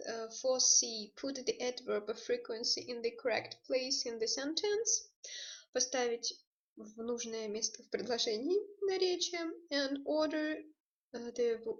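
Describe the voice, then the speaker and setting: A woman's voice: on the high side, lo-fi sound. A woman with a Russian accent teaching an English grammar lesson, explaining rules and switching between two languages. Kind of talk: recorded online lesson.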